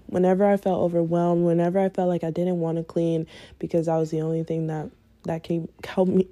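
Woman, mellow warm voice, casual motivational talk, earnest, repeats herself, laughs a lot. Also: deep voice. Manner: earnest, repeats phrases for emphasis, laughs often. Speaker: vlogger.

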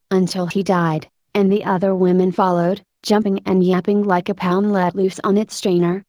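Woman narrating a story in a low, mellow voice. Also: no room sound. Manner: measured, expressive storytelling. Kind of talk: audiobook narration.

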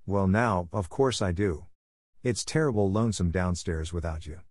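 A shy, kindly old farmer from a storybook, voiced by a man. He speaks gently and hesitantly in a fairly low voice. The sound is dry and close. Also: moderate pace, no room sound. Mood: coaxing.

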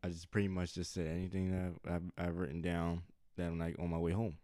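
A man co-hosting a podcast in casual chat, animated, laughing often and jumping into high squeaky voices when retelling scenes. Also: fast talker, no echo, clean studio sound. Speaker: podcast co-host. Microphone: studio mic.

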